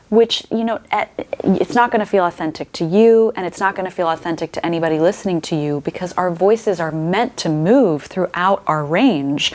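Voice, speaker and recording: A woman voice coach giving an instructional talk to camera, explaining clearly and shifting her voice to show examples. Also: fairly low pitch, darkish tone.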